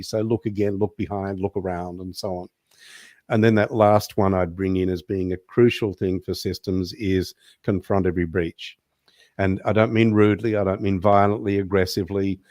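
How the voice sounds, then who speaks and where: A man, the show's guest, explaining things in a measured way in casual online talk. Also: fairly low pitch, a little mellow, no echo, studio quality. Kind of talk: casual online show interview.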